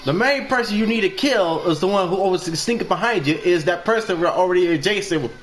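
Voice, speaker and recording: A woman's voice: fairly low pitch, animated, quick pace. A woman streaming a horror game, chatting casually and playfully taunting in-game victims. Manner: playful, taunting, laughs often. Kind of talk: casual gameplay commentary. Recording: roomy sound with game music.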